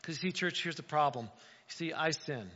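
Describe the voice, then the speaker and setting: Man, middle-aged, pastor, conversational sermon, high-pitched, long hall reverb, muffled recording. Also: normal speed. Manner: conversational, animated storytelling with acted asides. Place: church sanctuary.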